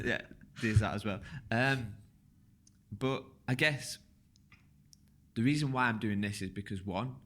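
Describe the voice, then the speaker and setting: A man with a slightly low voice hosting a casual podcast interview. He talks loosely and at length, circling back and restarting his questions as he thinks them through. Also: measured pace. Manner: rambling, relaxed, restarts questions often. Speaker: podcast host.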